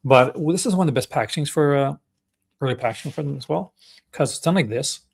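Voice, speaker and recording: A man's voice: medium pitch, quick pace, creaky, breathy edge. Young Canadian man, Canadian accent, mid-range voice, enthusiastic, rambling livestream host. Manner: chatty, enthusiastic, with many fillers and restarts. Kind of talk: casual livestream chat.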